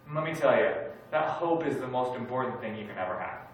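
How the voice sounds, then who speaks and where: A male pastor delivers a sermon in a candid, joking, self-deprecating way, jumping from loud emphasis to hushed asides. His mid-pitched voice rings around a large sanctuary. He sounds set well back from the microphone. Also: quick pace, a little hiss or hum. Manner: animated, swings between loud and quiet. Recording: echoey church hall from far off.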